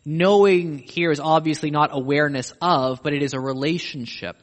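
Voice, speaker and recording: Male preacher, high and emphatic, sermon delivery, long hall reverb. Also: moderate pace. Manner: emphatic, pleading questions to the listener.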